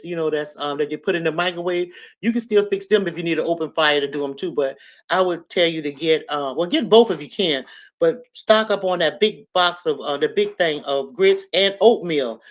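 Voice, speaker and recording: A livestream host, talking fast and chatty, repeating instructions with plenty of "um"s and checking in with viewers. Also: medium pitch, dull audio. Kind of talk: casual livestream advice chat.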